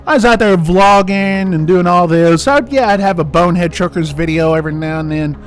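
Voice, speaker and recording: A high-pitched American man delivers a heated vlog rant, pressing each point again and again. His voice sits well above the usual male range. Soft music plays faintly underneath. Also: fairly quick. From United States. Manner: passionate, emphatic, repeats himself for stress. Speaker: trucking channel host. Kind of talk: ranting vlog monologue.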